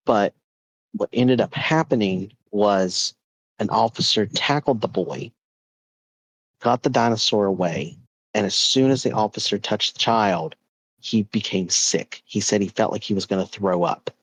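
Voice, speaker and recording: A man's voice: on the low side, no room sound, poor audio. A man hosting a podcast, casually and animatedly retelling a ghost story with lots of filler words. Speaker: podcast host.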